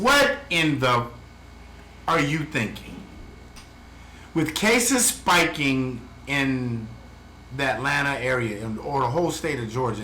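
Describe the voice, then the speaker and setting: An American travel vlogger rants at the camera from his home in the Philippines, giving a blunt, heated, profane update. His voice is medium-pitched and fairly bright, recorded in an echoey room with faint background noise.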